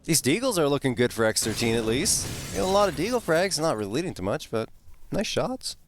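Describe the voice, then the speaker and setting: A man doing live color commentary at an esports tournament, lively and analytical about players' histories. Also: fairly high pitch, fairly quick, a little hiss or hum. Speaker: esports caster. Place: live tournament broadcast desk.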